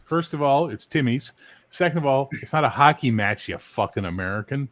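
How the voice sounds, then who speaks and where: Canadian man from the Maritimes, mid-pitched, profane ranting banter. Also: lively intonation, a little fast, fairly bright tone. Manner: profane, mock-outraged ranting. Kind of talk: casual podcast banter. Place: Montreal.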